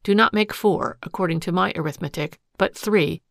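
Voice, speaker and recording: A woman voicing a hurt, bitter young wife who speaks in sharp, accusing outbursts. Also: medium pitch, fairly even intonation, normal speed, gravelly, no room sound, studio quality.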